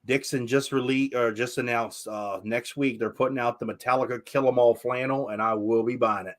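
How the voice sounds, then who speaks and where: A man's voice: medium pitch, fairly even intonation, moderate pace. A man hosting a casual podcast chat, telling stories with animation and swearing freely. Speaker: podcast host.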